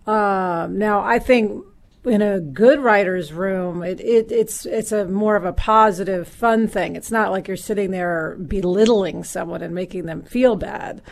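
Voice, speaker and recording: A woman's voice: medium pitch, unhurried, creaky. A woman co-hosting a podcast, talking in an easygoing, casual way. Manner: easygoing, conversational with fillers. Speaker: podcast co-host.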